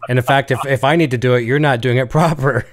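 A man hosting a casual interview, talking quickly and eagerly and reading out viewer questions. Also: mid-range voice, fairly even intonation. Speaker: interview host.

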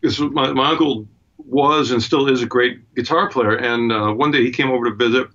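A male guitarist being interviewed, telling anecdotes with a relaxed, wry humor. He talks from his studio at a middling pitch, and the sound comes through a bit dull and lo-fi. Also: normal speed. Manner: laid-back, wry storyteller. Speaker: guitarist and guest.

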